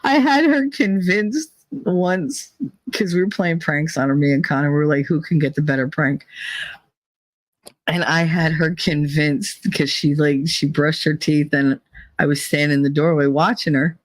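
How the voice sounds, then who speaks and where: A woman's voice: low-pitched, normal speed, no room sound. Middle-aged woman streamer, playful, teasing, laughing often, dry close mic. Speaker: livestream host. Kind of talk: casual chat with live chat.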